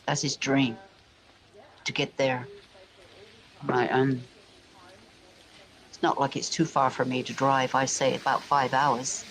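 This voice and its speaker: A man from England, a vlogger, tells rambling family stories in a mid-range, level voice that's a bit bright. He speaks slowly and pauses often, meandering with frequent restarts and asides. The recording is rough, with slight background noise.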